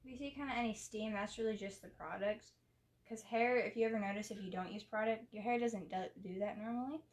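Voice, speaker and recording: A woman's voice: mid-range voice, fairly even intonation, fairly quick. A young woman giving a casual live hair-styling tutorial, talking through each step in a chatty way with lots of likes and restarts. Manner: chatty, explains steps with many likes and restarts. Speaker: hair stylist demonstrating on a model.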